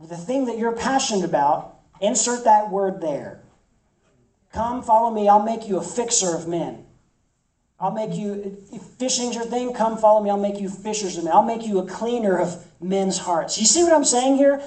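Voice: mid-range voice, moderate pace, warm tone, reverberant, distant mic, low-quality recording. A campus ministry preacher delivering an emphatic sermon, repeating phrases for effect.

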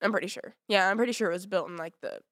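A woman's voice: medium pitch, racing, fairly bright tone, dry recording, studio quality. A woman hosting a podcast, chatting casually, rambling and swearing freely. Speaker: podcast host.

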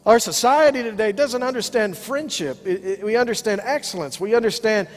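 A middle-aged man preaching a sermon from the pulpit, his voice sitting high for a man. He drives his points with repeated call-outs to the congregation. The sound carries a long hall reverb. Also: brisk. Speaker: pastor. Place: church sanctuary with congregation.

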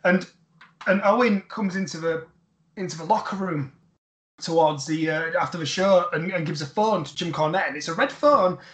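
A man telling a story in casual chat, animated and enthusiastic, swearing freely. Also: on the high side, moderate pace, reverberant.

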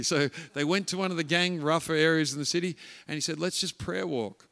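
A man's voice: fairly high pitch, fairly quick, gravelly, a bit bright. A man preaching a guest sermon, telling a story and acting out the voices of its characters. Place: church hall. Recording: church hall reverb.

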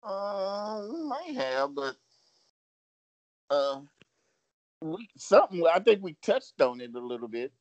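A man co-hosting a casual chat, thinking aloud in a slow, halting way. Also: sits high, big pitch swings, no room sound, dull audio. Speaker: co-host.

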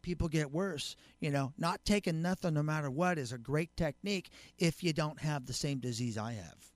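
A man co-hosting a podcast in a casual chat, animated and joking, acting out little scenes and getting loud. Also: on the high side, normal speed, dry recording. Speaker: guest co-host.

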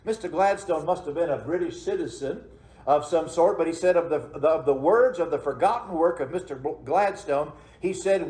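Pastor preaching, pretty high voice for a guy, folksy, asks the crowd stuff, echoey church room. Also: moderate pace, darkish tone. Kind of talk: sermon. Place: church sanctuary.

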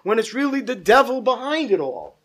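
A man's voice: very high-pitched, very animated, brisk, a bit bright. A male pastor leading a Bible study, teaching emphatically, repeating points and asking the group questions.

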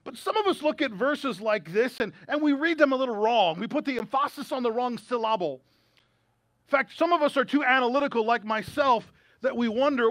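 A man's voice: very high-pitched, quick pace, fairly bright tone, no echo. A male American pastor preaching a sermon in a conversational way, with humorous asides, during a streamed church service. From United States.

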